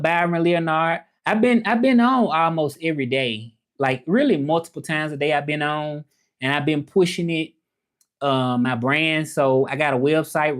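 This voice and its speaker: A man with a Southern US accent chatting casually on a livestream, reading viewer comments and talking straight to the audience. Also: on the high side. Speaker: livestreamer and language teacher.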